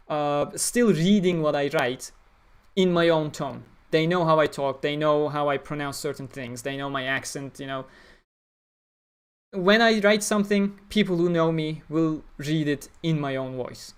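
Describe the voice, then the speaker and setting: Reading and responding to his livestream chat, a Turkish man speaks bluntly and with strong opinions, thinking aloud with fillers. His voice sits on the high side and has a clear, resonant tone.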